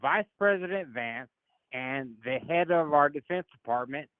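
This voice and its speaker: A male caller arguing with the host, aggravated and halting, repeating himself as he goes. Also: on the high side, expressive, clean tone, no echo. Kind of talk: argument on a phone call-in. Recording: tinny phone line.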